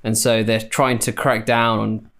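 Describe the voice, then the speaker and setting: A man's voice: on the low side, flat delivery, measured pace, a bit bright. A young English man co-hosting a podcast in casual, slangy, laid-back chat. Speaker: podcast co-host.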